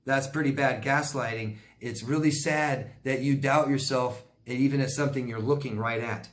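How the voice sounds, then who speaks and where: A man's voice: mid-range voice, steady tone, normal speed, reverberant. A man giving blunt relationship advice as a coach, answering viewer questions and acting out quoted people. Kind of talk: Q&A advice talk.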